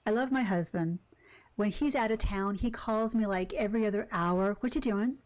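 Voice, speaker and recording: A woman live-streaming a cozy game, chatting casually and rambling with quick asides about her day. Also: mid-range voice. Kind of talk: casual live-stream chat while gaming.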